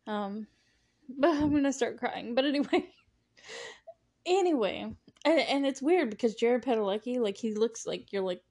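A woman's voice: on the high side, normal speed, long pauses, a little mellow. A woman hosting a podcast, recapping a movie in casual chat, giggling often and gushing with lots of filler words. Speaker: podcast host.

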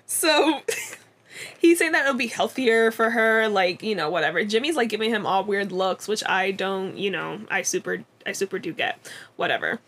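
A young woman co-hosting a podcast casually recaps a TV episode in a chatty way, her medium-pitched voice a bit bright and her pace moderate. She's full of "like" and acts out quoted dialogue.

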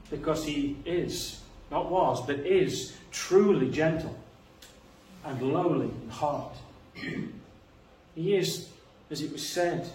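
A man preaching a sermon, earnest, moving between quiet reflective passages and rising emphasis. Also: fairly high pitch, takes it slowly, slight background noise. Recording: echoey room, voice a bit far from the mic.

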